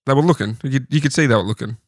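A man's voice: medium pitch, very fast, no room sound, studio quality. An Australian man co-hosting a podcast, chatty and teasing in casual talk. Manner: chatty, teasing, asks questions. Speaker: podcast co-host. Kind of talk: casual chat.

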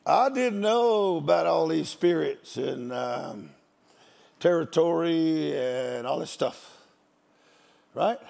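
A man's voice: a little high, lively intonation, slow, gravelly, darkish tone. An older man, a guest preacher, giving a storytelling sermon in a folksy, joking country manner.

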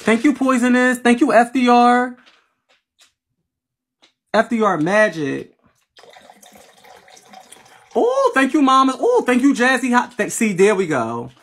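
A woman from Philadelphia hosting a casual late-night livestream, sassy and playful, with slangy, profane banter as she thanks her viewers, talking into a phone. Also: medium pitch. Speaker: livestream host. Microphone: phone livestream app.

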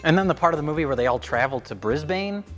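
A man's voice: fairly high pitch, lively intonation, rapid-fire, fairly bright tone, faint music behind. A man cohosting a casual film review chat with dry, sarcastic humor.

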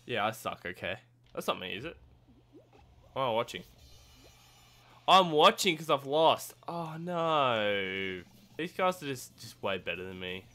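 A gamer giving let's-play commentary who yelps and shouts at the game, swears and mocks their own skill. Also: medium pitch, very animated, measured pace, pauses often, faint music behind.

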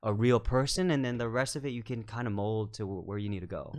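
A man with a fairly low voice talks through his craft in a loose, unhurried podcast chat. His speech is thoughtful and full of "you know" and "like". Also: steady tone. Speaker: film director guest.

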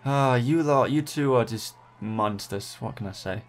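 Excitable young man commentating his gameplay. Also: medium pitch, unhurried. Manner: excitable, pleading and groaning at the game. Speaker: gaming channel host.

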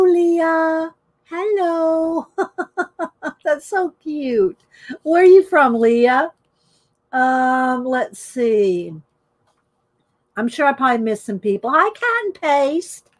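Middle-aged woman host, high voice, unhurried, chatty live-stream greeter. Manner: chatty, greets viewers by name. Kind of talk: casual live-stream chat while coloring.

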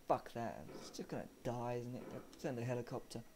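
A man's voice: medium pitch, animated, fairly quick, darkish tone. Man narrating his own gameplay, swears freely, talks to the screen, voice jumps around a lot, engine and game noise behind. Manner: cursing, chatty, mutters at the game. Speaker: gamer. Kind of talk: let's-play commentary.

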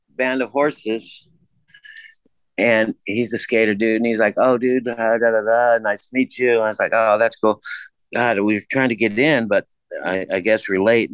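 A man telling a story as a podcast guest in a casual, laid-back way, swearing freely and jumping his pitch up to act out the voices of people he quotes. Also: fairly bright tone, clean tone, dry recording. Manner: acts out quoted voices with big pitch jumps.

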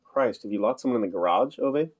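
A man's voice: on the low side, expressive, fast, muffled recording. A man reading an audiobook, voicing an exasperated young woman neighbor who is blunt and scheming. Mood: incredulous.

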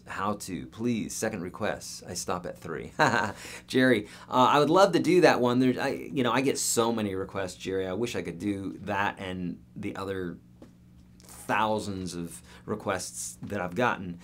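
Male guitar teacher, middle-aged, low-ish voice, casual and upbeat live-lesson delivery. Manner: upbeat, chatty, talks directly to viewers by name. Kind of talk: live-streamed guitar lesson answering viewer questions.

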